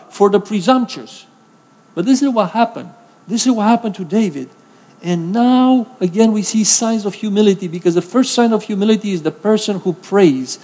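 A man's voice: high-pitched, normal speed, dark tone, long reverb tail. A man preaching a sermon in an earnest, conversational way, from Romania, reading scripture with emphasis and addressing the congregation directly.

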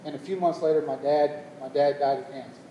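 A man preaching a sermon as pastor, telling a story and building to loud, emphatic calls to the congregation. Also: fairly high pitch, steady tone, a little fast, recorded from a distance, highs cut off, slight background noise. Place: church hall. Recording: echoey hall, long reverb.

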